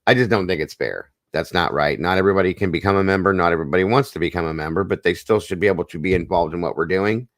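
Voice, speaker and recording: A man hosting a live stream, chatting casually in a rambling, folksy way and clearing his throat now and then. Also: low-pitched, fast, few pauses, dry recording, studio quality. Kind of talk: casual chat.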